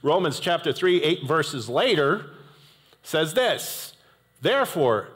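A male pastor preaching a sermon in an animated, conversational way, with jokey asides. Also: fairly high pitch, takes it slowly, breathy edge. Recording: echoey hall reverb.

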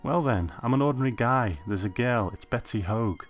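A man's voice: mid-range voice, a little fast, soft background music, pitched above the performer's own voice, natural voice. A man voicing an ordinary young man, an eager, pushy customer who pleads and insists in an audiobook reading. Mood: insistent.

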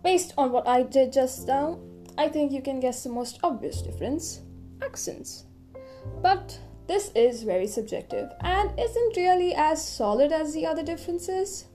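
Young woman, podcast host, lively swooping voice, mellow tone, faint music behind. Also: high-pitched, unhurried. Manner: playful, chatty, with jokey asides. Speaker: podcast host explaining English dialects. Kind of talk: scripted educational podcast.

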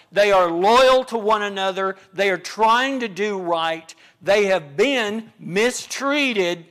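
A man's voice: high-pitched, a bit bright. A man teaching a Bible study class, repeating phrases for emphasis and asking rhetorical questions.

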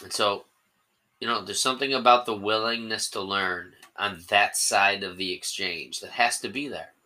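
A man hosting a solo podcast in a loose, meandering monologue, often restarting his sentences. His voice sits fairly low but sounds very bright and sharp. He pokes fun at himself as he goes. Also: rough recording. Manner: rambling, self-deprecating, with restarts. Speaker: podcast host.

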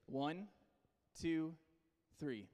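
A man's voice: on the high side, lively intonation, drawn-out words, very noisy. A young man leading a group training with a playful, teasing pep talk. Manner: playful teasing, loud and coaxing. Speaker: camp leader training teen volunteers. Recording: long reverb in a large hall.

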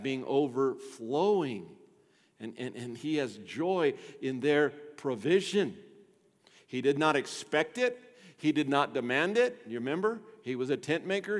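A man preaching a sermon as pastor, emphatic and leading the congregation in call-and-response, often dropping to a soft low voice on key phrases. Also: long reverb tail. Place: church.

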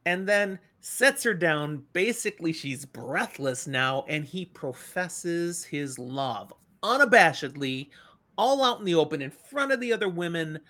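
A woman co-hosting a casual book discussion podcast, retelling the story in an animated way. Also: on the low side, a little slow. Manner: animated retelling, playful voices in quotes. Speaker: podcast co-host.

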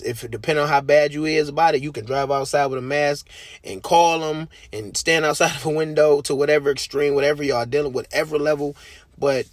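A man hosting a podcast, talking about his faith in a heartfelt, animated way, using slang and laughing often. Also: fairly high pitch, dry recording. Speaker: podcast host. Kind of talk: casual faith talk.

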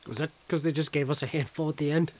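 A man co-hosting a podcast who chimes in with quick, upbeat remarks during casual chat. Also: a little high, steady tone, darkish tone. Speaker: podcast co-host.

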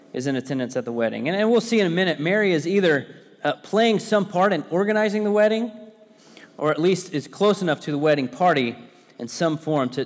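A man's voice: a little high, long reverb tail. A man, a pastor, giving a conversational sermon full of personal stories, with frequent fillers and restarts.

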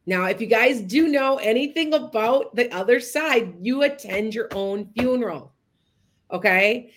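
A woman's voice: on the high side, lively intonation, unhurried. A woman hosting a podcast as a psychic medium, telling stories to her listeners in a casual, rambling way with many restarts and asides. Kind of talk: casual storytelling monologue.

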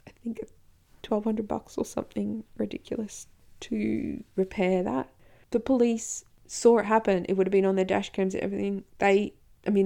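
A woman's voice: medium pitch, vocal fry, darkish tone. A woman hosting a podcast, telling a personal story and acting out the dialogue of the people in it, sometimes dropping to a whisper. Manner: recounting events, quoting others in dialogue, occasional whispering. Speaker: podcast host.

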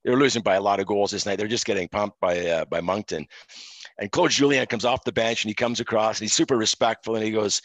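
A middle-aged man from Quebec, a former referee, telling stories in a relaxed interview with many fillers. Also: lowish voice, fast, dry recording, rough recording. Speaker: podcast guest, former hockey referee. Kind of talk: casual interview storytelling.

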